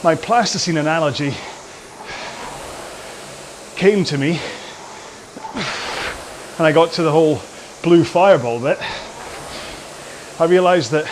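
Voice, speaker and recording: A man's voice: on the high side, unhurried, long pauses, slight background noise. A man hosting a rowing workout from his home garage, chatting casually in a rambling, jokey and self-deprecating way during the cool-down.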